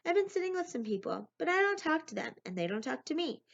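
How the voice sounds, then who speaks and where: A woman's voice: high voice, very animated, fast talker, gravelly, voice pushed up, heavily acted. A woman voicing a confident, friendly schoolgirl who talks boldly, reading a storybook aloud. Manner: bold, teasing. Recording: lo-fi recording.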